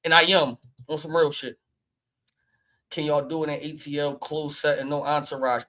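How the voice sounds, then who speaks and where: A man with a Philadelphia accent hosting a casual livestream, brash and loud, trash-talking and laughing often. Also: fairly high pitch, level tone, moderate pace, poor audio. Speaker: livestream host.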